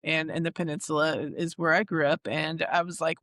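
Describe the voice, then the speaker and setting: Excitable bay area podcast host in their 40s, keeps restarting sentences, mid pitch, dry close sound. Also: normal speed, few pauses, no echo. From San Francisco Bay Area. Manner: enthusiastic, rambling with frequent restarts. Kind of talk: casual podcast chat.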